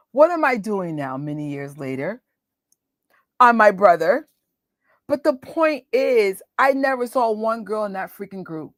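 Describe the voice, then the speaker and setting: A woman in her forties, hosting a movie watch party, talking in a chatty, animated and exclamatory way. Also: a little high, no room sound, studio quality. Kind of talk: casual chat.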